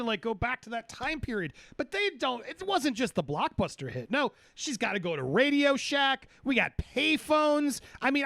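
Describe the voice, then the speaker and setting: A man's voice: very high voice, bright, forceful tone, no echo. A man in his forties, an enthusiastic film critic, rattling off a list to win a playful debate. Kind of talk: playful debate, arguing a side.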